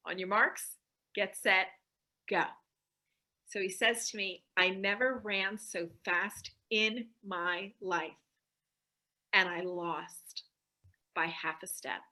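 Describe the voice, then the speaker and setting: A woman's voice: a little high, bright, forceful tone. A woman giving a talk to an audience, telling stories and acting out the dialogue in quoted voices. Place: community center hall.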